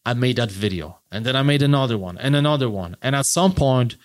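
A man, a podcast guest, telling his own story in a casual, animated way and swearing now and then. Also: medium pitch, quick pace, no echo.

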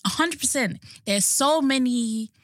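A woman's voice: high voice, unhurried, fairly bright tone, dry recording, studio quality. Chatty young woman. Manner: chatty, retells scenes in quoted voices. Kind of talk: casual chat reviewing a reality show.

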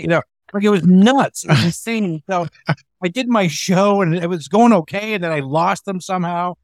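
A man with a somewhat high voice tells comedy-club stories in an animated, loose way, cursing casually and slipping into quoted voices. He is a stand-up comedian chatting over a remote call, and the sound is dry and close. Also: fairly quick, no room sound. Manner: animated, swears freely, acts out quoted voices. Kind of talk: casual storytelling chat.

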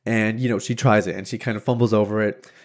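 Animated man telling a story. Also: lowish voice, fast. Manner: animated, acts out quoted voices, laughs easily; frequent restarts and filler words. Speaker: podcast host. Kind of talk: casual storytelling monologue.

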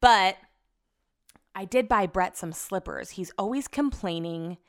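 A woman's voice: medium pitch, a little slow. A young woman hosting a podcast in casual chat, telling stories in an exasperated, chatty way, swearing and laughing at herself. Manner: laughs at herself mid-story. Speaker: podcast host.

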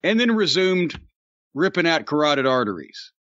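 A man's voice: fairly high pitch, very animated, normal speed, a bit bright, dry recording, lo-fi sound. A man hosting a podcast, talking in a sarcastic, profane, mocking way. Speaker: podcast host. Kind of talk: casual podcast chat.

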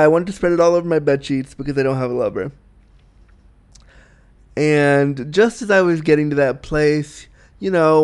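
A man's voice: fairly high pitch, darkish tone, smooth. A man hosting a casual solo podcast, talking candidly and bawdily in a rambling way with restarts and giggles. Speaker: podcast host.

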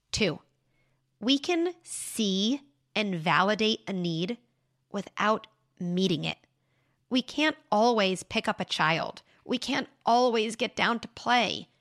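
A young adult woman hosting a parenting advice show, speaking in a calm, reflective, explanatory way as she answers a listener. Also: mid-range voice, slow pace. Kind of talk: advice podcast monologue.

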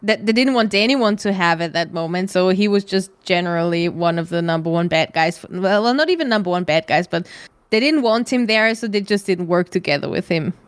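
A woman's voice: fairly low pitch, lively intonation, fairly quick, dry recording. Rambling young woman, dry sound. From Germany. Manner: rambling, restarts, swears casually. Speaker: podcast co-host. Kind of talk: casual chat.

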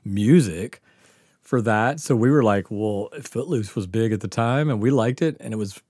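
A man's voice: fairly low pitch, normal speed, darkish tone, no room sound, studio quality. Rambling, profane middle-aged man telling stories. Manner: rambling, profane, laughs through his story. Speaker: podcast host. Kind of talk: casual storytelling.

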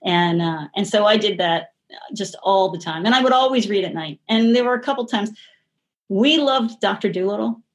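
A woman's voice: medium pitch, normal speed. A middle-aged woman as an interview guest, talking in a rambling, chatty way with many restarts and light laughter. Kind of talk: casual interview conversation.

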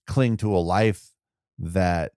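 A man's voice: deep voice, slow, mellow, dry recording, studio quality. A man co-hosting a podcast, chatting casually about a movie, rambling and restarting his thoughts. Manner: rambling, restarts mid-thought, laughs often. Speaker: podcast co-host.

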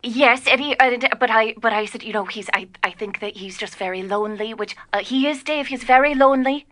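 A woman's voice: on the high side, brisk, a bit bright, no room sound, lightly acted. A woman playing an earnest, worried social worker. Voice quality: earnest, pitying, breathless storytelling. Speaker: caller. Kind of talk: improvised comedy sketch.

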